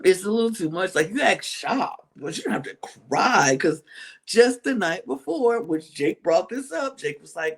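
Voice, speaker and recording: Chatty woman with a gravelly voice. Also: a little high, a little slow. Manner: chatty, animated, acts out quotes, many fillers and restarts. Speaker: podcast host recapping a reality show. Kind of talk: casual podcast recap.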